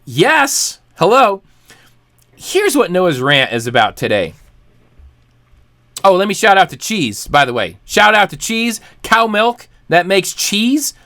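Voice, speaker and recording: A man's voice: high-pitched, big pitch swings, takes it slowly, sharp tone. A man hosting a podcast, delivering an exaggerated, mock-preachy comedic rant and laughing often. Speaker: podcast host.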